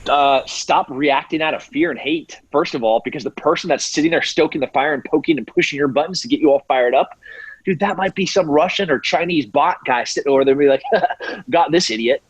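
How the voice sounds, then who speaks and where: A middle-aged American man talks with fire and mimics other voices to mock them. His voice is husky and sits a little high. The sound is dry and slightly muffled. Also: fairly quick, no room sound. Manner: animated, acts out quoted voices mockingly. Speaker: podcast guest. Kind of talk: impassioned interview talk.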